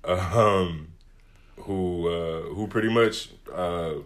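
A man telling a laid-back story on a livestream, getting louder and higher when he is worked up. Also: very slow. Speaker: podcast co-host. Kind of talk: casual chat on a livestream.

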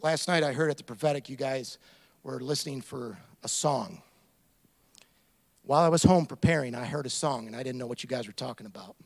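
A man preaching a sermon as a pastor, animated, acting out little scenes and asides as he goes. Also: mid-range voice, a little fast, gravelly.

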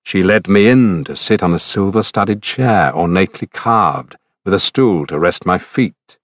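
Low-voiced man narrating an epic. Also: no echo, clean studio sound. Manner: measured, dramatic storytelling. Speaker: audiobook narrator.

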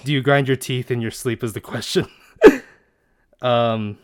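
A man's voice: mid-range voice, normal speed, long pauses, dry recording, studio quality. A young man chatting casually and reading quiz options aloud, swearing now and then. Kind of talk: casual chat doing online quizzes.

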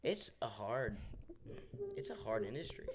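A woman's voice: extremely low pitch, animated, unhurried, crowd noise. A woman hosting a podcast, chatting in a wry, joking way. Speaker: podcast host. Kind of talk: casual podcast chat.

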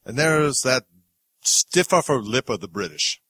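A man's voice: medium pitch, expressive, measured pace, sharp tone, slightly rough, dry recording, studio quality. A man hosting a casual movie review podcast, laughing easily as he introduces film clips. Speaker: podcast host.

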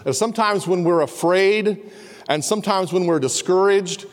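A pastor preaching an earnest sermon, sometimes dropping to a soft, low voice. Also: male voice, normal speed. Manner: earnest, drops to a soft low voice for quiet passages. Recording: long hall reverb. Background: students in a campus service.

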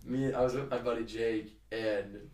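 A young man, a podcast co-host, telling a rambling, animated story in casual chat and swearing freely. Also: mid-range voice, moderate pace. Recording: roomy, distant from the mic.

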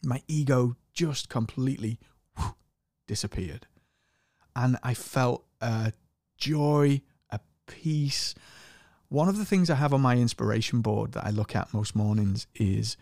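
A middle-aged man tells a spiritual experience in an earnest, searching way, circling back and restarting phrases. His voice is mellow and unhurried. It sits close and dry, with no room sound. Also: mid-range voice, dry recording. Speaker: podcast host. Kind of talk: reflective personal storytelling.

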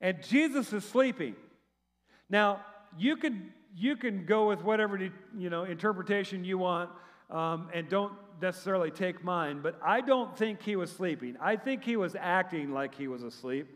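A middle-aged man with a high voice preaches a relaxed, conversational sermon. He talks in an animated, chatty way, trips over restarts and throws in sarcastic asides. His voice rings with the long reverb of a big church hall. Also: normal speed. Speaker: pastor.

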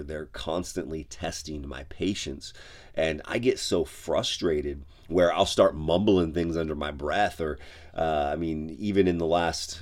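Deep-voiced man, casual pastor. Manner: conversational, lots of "like" and "you know". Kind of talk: casual devotional podcast talk.

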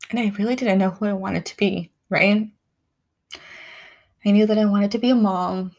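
A young woman speaking candidly and emotionally in a reflective personal vlog, soft-spoken with pauses. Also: mid-range voice. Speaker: vlogger.

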